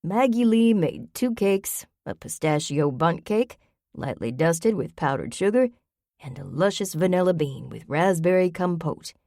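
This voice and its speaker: A woman's voice: on the low side, lively intonation, unhurried, dark tone, no room sound, studio quality. A woman voicing an enthusiastic man who savors describing food. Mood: savoring.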